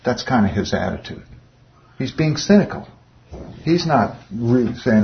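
A man's voice: mid-range voice, expressive, measured pace, muffled recording. A man leading an informal Bible study, speaking conversationally and often putting rhetorical questions to his listeners.

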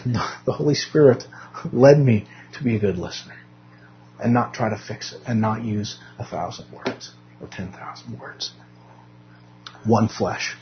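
A man's voice: medium pitch, highs cut off. A young adult man teaching a Sunday school class in a chatty, self-deprecating way, often restarting his sentences. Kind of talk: casual church teaching. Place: church classroom.

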